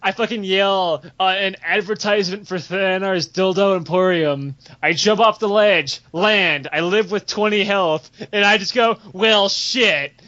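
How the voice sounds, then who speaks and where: A young man telling comedic stories on a podcast, animated and profane, jumping into character voices. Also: a little slow, hardly any pauses. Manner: animated, profane, acts out quotes with big pitch jumps. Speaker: storyteller on a podcast. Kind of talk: casual comedic storytelling. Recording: dull lo-fi podcast audio.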